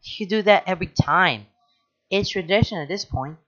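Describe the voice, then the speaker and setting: Man reading as a higher-pitched teasing teen boy, wisecracking, dull lo-fi sound. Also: lively intonation, normal speed, bright, forceful tone. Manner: wry, teasing banter. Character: teen boy, joking, anxious underneath. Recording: dull lo-fi recording.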